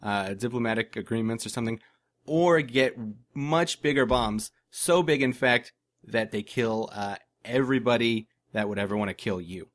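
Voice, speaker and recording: A man's voice: mid-range voice, moderate pace. Podcast co-host, man, dry sarcastic jokes, casual chat.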